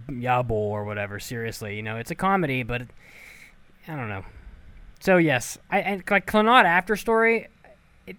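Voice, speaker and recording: A man's voice: medium pitch, fairly bright tone, clear, resonant tone, no echo. A man hosting a casual podcast, rambling and hesitant, but playful. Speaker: podcast host.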